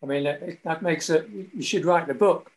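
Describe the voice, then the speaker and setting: Male host, casual chat; jokey, encouraging interviewer with a slightly high voice. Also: normal speed.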